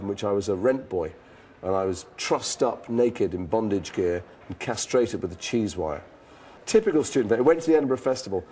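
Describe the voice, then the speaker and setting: Frank northern English man, mellow low voice. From northern England. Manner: frank, self-deprecating storytelling with casual swearing. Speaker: actor being interviewed. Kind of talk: reflective interview anecdotes.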